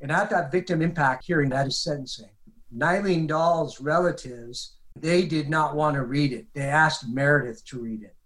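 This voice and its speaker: Animated storytelling man, higher voice. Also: moderate pace, rough recording. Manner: animated retelling, quotes others. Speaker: detective guest. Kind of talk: storytelling in an interview.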